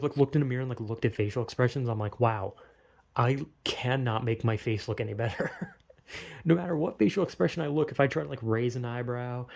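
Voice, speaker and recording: A man's voice: mid-range voice, creaky, a little mellow. A young man with a slight Southern US accent, rambling through a casual solo monologue, full of "like" fillers, swearing and laughing at himself. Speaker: podcaster musing solo.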